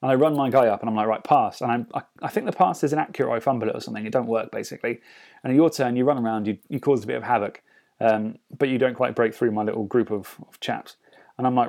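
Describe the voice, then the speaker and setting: A man's voice: medium pitch, fast, creaky. Man recapping a tabletop match. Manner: lively storytelling, acts out his own thoughts. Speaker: podcast co-host. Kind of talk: casual chat recapping a tabletop game.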